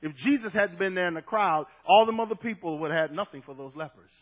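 Fervent high-voiced preacher, hoarse edge. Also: male voice, fast, poor audio. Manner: fervent, swings from quiet to shouting, acts out scripture. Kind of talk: sermon.

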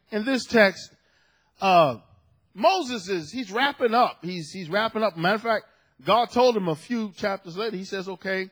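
A man preaching a sermon, telling a story and building to loud shouted peaks. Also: high voice, expressive, normal speed. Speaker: pastor.

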